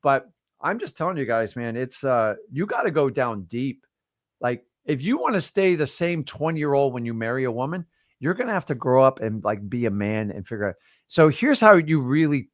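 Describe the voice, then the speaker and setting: A man's voice: mid-range voice, dry recording, studio quality. A man in his fifties hosting a livestream, giving casual motivational talk and addressing listeners directly in a preachy way. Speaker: livestream host.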